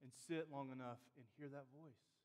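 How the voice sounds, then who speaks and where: A middle-aged man preaching a sermon as a pastor, swinging between loud emphatic lines and quiet, intimate questions to the congregation. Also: mid-range voice, fairly even intonation, moderate pace, big-room sound.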